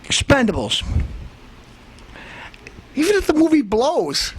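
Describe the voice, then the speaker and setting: A man hosting a comedy show, ranting in a boastful tough-guy manner, threatening to beat everyone up and breaking into shouts. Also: very high voice, huge pitch swings, slow pace, slight background noise. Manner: bursts into shouting. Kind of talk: comic tough-guy rant.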